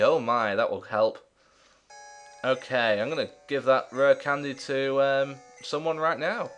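A man's voice: mid-range voice, fairly even intonation, a little slow, a bit bright, soft background music. Chatty man commenting on a game. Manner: chatty, jokey, self-mocking asides. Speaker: let's play host. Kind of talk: casual gameplay commentary.

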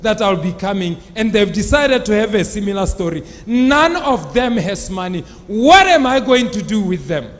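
A man playing a hard-hearted tax collector, dropping to a lower, dismissive tone. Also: big pitch swings, normal speed, hardly any pauses, big-room sound. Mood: scornful. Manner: dismissive and scornful.

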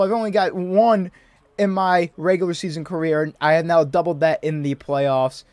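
A man's voice: fairly high pitch, no echo. Young man casually commentating a basketball game. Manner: chatty, shifts from flat mutters to excited yelps. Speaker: gaming channel host.

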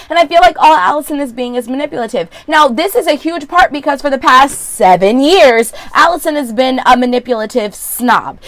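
A woman's voice: fairly high pitch, no room sound. Sassy woman doing a TV recap vlog. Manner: sassy, opinionated, rapid asides. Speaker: vlogger.

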